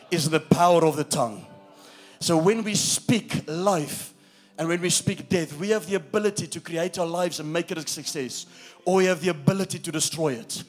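A pastor preaching a sermon to his congregation. He stresses key phrases and keeps asking whether they are with him. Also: a little high. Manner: emphatic preaching that checks in with the congregation.

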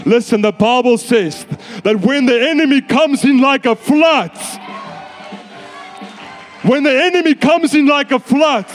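A man preaching a sermon, fervent and repetitive, rising to shouts at times. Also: very high-pitched. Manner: fervent, builds to shouts, repeats phrases.

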